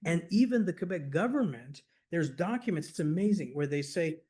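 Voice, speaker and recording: A man with a fairly high speaking voice is giving a talk at a scholarly workshop. He tells stories eagerly and at speed, filling his sentences with "like" and "you know". He sometimes laughs as he talks. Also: animated, darkish tone, slightly rough. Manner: enthusiastic, rapid, full of "like" and "you know". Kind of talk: animated conversational lecture.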